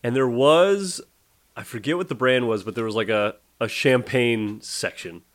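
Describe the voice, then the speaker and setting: A man's voice: mid-range voice, normal speed. A man co-hosting a casual drinks chat, rambling with frequent restarts and easy laughter. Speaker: podcast co-host.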